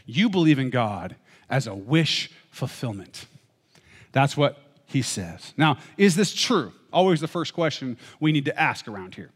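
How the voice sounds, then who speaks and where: Male preacher, emphatic sermon delivery with a swinging, animated pitch, recorded with long hall reverb. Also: measured pace, breathy edge. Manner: emphatic, asks rhetorical questions.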